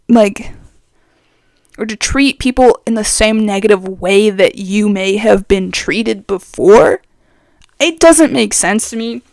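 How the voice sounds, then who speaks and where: A young adult trans man chatting casually as a vlogger, rambling and expressive, his voice going up and down, speaking very close to the mic. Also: very high-pitched, no echo. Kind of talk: casual chat.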